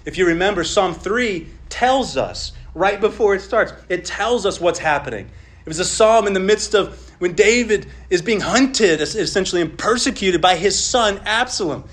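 Man, pastor, sermon, high voice, earnest, rises on pleas, drops low on asides. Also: expressive, normal speed, fairly bright tone. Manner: earnest preaching, voice rising on quoted pleas and dropping low on asides.

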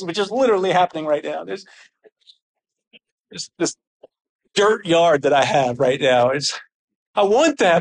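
High-voiced fervent male preacher. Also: measured pace, long pauses. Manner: fervent, excited preaching that sounds almost angry. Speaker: pastor. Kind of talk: sermon.

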